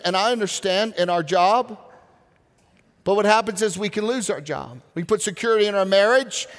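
High-voiced man preaching in reverberant hall. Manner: earnest preaching with slow, drawn-out emphasis. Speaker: pastor. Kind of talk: sermon.

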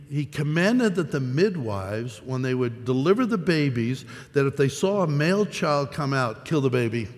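Earnest male preacher in a reverberant hall. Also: medium pitch. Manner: earnest, repetitive emphasis, measured delivery. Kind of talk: sermon.

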